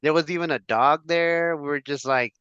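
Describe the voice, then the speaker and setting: A man's voice: on the high side, moderate pace, a bit bright, clear, resonant tone, no room sound, lo-fi sound. A man speaking as a guest in a casual chat, upbeat and easygoing.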